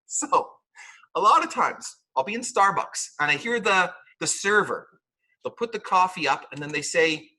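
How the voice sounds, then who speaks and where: A man teaching English pronunciation to a class in a playful, animated way. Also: high-pitched, normal speed. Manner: lively, playful, mimics mistakes and laughs often.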